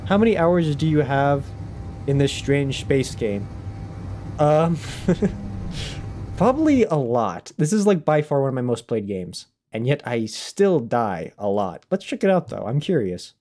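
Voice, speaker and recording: A man's voice: mid-range voice, big pitch swings, unhurried, a little mellow. A young man streaming a video game, chatting casually in a rambling, self-conscious way. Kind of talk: casual livestream chat.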